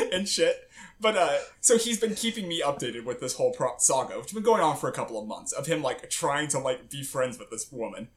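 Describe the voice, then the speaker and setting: Animated young man telling a rambling story. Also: medium pitch, brisk, a little hiss or hum. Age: 20s. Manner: rambling storyteller, lots of fillers and laughs. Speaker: podcast co-host. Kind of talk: casual chat.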